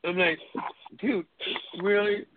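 A man hosting a call-in tribute show, telling stories in a casual, animated way, swearing often and acting out his friends' lines. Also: high voice, slow pace. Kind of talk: casual storytelling chat. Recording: phone-line audio with hiss.

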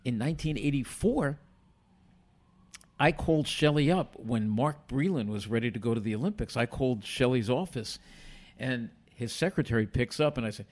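An older man, a former boxing commissioner, telling an animated anecdote as a podcast guest. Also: medium pitch, normal speed. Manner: animated, theatrical storyteller.

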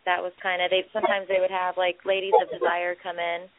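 Woman on the phone, kinda hesitant, flat even voice, tinny. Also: lowish voice, fast, no echo. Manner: hesitant, lots of ums. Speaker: guest. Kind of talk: phone interview.

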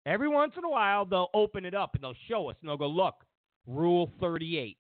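A man's voice: sits high, sing-song, rapid-fire, no room sound. A man hosting a political commentary show, rambling and digressive with a sarcastic edge. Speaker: show host. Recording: tinny phone-like dry recording.

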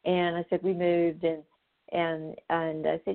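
A woman's voice: lowish voice, flat delivery, normal speed. A woman hosting a show, talking casually in a rambling way with lots of fillers and restarts. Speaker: show host. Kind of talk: casual spoken monologue. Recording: tinny phone-line sound.

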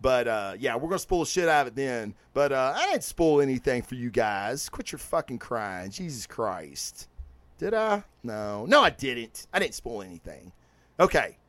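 A man hosting a casual podcast, reviewing a movie and comics in an excited, profane, rambling way with many restarts. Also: medium pitch, normal speed, dry recording. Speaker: podcast host.

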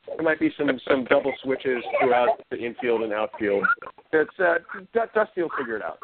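A man's voice: mid-range voice, big pitch swings, fairly quick. A man on a casual sports podcast, talking in an upbeat, breezy way over tinny, noisy audio. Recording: tinny phone line with noise.

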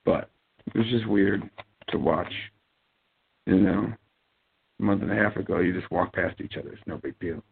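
Gravelly low-voiced man on a tinny line. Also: normal speed, long pauses. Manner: mumbling, rambling, sardonic. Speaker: podcast host. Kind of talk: rambling casual monologue. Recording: tinny phone-like line, dry.

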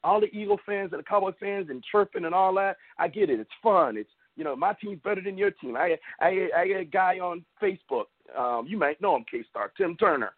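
A man's voice: high voice, animated, a little fast, few pauses, dry recording. A man hosting a sports talk show, ranting and mocking rival fans in an opinionated way. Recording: tinny phone-like audio, dry.

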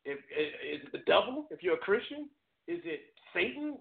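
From a home studio, a man hosts a live call-in talk show streamed through a webcam, speaking earnestly, stammering and laughing at himself. His high, gravelly voice is sing-song at normal speed, and the audio sounds tinny and phone-like.

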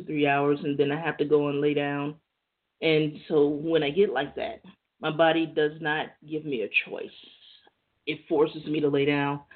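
A woman hosting a talk show, chatting casually and conversationally, laughing easily. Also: fairly low pitch. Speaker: podcast host. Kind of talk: casual monologue. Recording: tinny phone-like audio.

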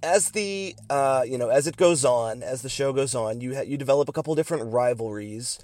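A man co-hosting a radio show, asking questions haltingly with many fillers. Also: medium pitch, a little mellow. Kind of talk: casual interview.

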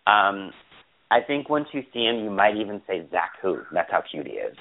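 Male podcast host, gossipy and exclamatory, animated delivery, phone-quality audio. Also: on the low side, normal speed, creaky, dry recording. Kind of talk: casual chat.

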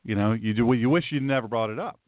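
Folksy emphatic pastor on a tinny line. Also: male voice, mid-range voice, quick pace, no room sound. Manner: folksy, emphatic, talks to viewers. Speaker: pastor and show host. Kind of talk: livestream Bible teaching. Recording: tinny phone-like dry sound.

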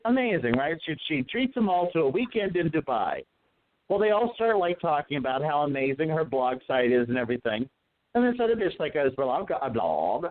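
A man's voice: fairly high pitch, very animated, a little fast. A man co-hosting a casual podcast chat, telling gossipy stories with plenty of swearing. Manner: profane, gossipy storytelling. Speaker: co-host. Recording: phone-like narrow sound.

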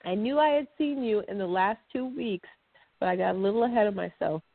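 A woman's voice: mid-range voice, a little fast, creaky, no room sound. A woman co-hosting a podcast in a chatty, rambling way, laughing often. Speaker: podcast co-host. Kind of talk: casual chat. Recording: dry, phone-like sound.

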